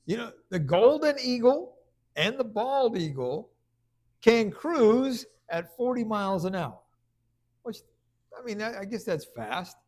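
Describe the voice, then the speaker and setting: A man preaching a conversational sermon, stumbling over restarts and then rising into loud bursts of emphasis. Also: high voice, big pitch swings, a little slow.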